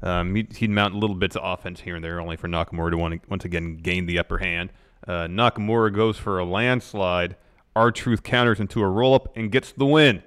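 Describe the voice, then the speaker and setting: A man co-hosting a podcast, recapping matches in a steady, plain way with short agreements. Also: low-pitched, a little fast, smooth. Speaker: podcast co-host. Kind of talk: casual wrestling recap chat.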